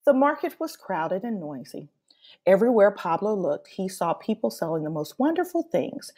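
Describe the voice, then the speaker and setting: A woman teacher reading a children's picture book aloud in a slow, expressive way. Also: mid-range voice. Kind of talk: storybook read-aloud for children.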